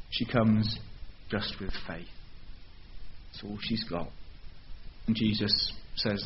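Low-voiced preacher, dramatic sermon. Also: male voice, takes it slowly, long pauses, highs cut off. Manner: expressive, dramatic storytelling with rhetorical questions.

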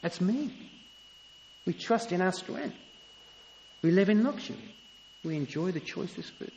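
A man's voice: high voice, animated, a little slow, darkish tone, highs cut off, a little hiss or hum. A man preaching a sermon, emphatic, often rising to a raised voice on key points. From England. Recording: long hall reverb, faint ambience.

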